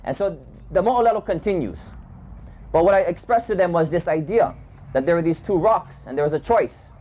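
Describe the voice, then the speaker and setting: Higher-voiced man telling a story. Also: lively intonation, darkish tone. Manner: measured, thoughtful storytelling with restarts. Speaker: community leader. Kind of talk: storytelling talk. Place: home gathering, indoors.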